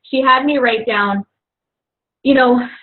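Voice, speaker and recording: A young woman fitness coach speaks slowly in a high-pitched voice, talking casually and earnestly to fellow coaches. She rambles with plenty of "you know" and "like," and the audio is tinny, like a phone.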